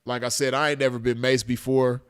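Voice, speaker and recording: A man's voice: mid-range voice, flat delivery, a little fast, clear, resonant tone. A man casually telling a personal story to his viewers, slangy and cursing freely, laughing at his own tale. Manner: laid-back, slangy, cursing, breaks into laughter.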